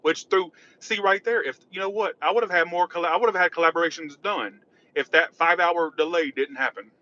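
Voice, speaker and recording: Guy livestreaming from his car, rambly, bright kinda high voice, muffled lo-fi sound. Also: brisk. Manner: rambling, reacts to chat and traffic. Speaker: tarot reader livestreaming. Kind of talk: casual livestream chat. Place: in a car driving.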